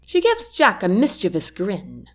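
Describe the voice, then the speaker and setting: A woman reading a first-person romance audiobook in an expressive storytelling manner. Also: medium pitch, unhurried. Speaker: audiobook narrator.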